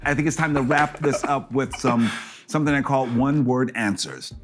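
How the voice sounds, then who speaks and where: A man's voice: mid-range voice, soft background music. A man hosting a talk show, effusive and playful as he asks his guests questions. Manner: effusive, playful, quick to laugh. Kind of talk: casual interview chat.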